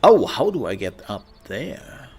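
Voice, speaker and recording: A man's voice: medium pitch, big pitch swings, measured pace, a little mellow, breathy edge. Playful, rambling man streaming a game. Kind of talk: casual live-stream commentary.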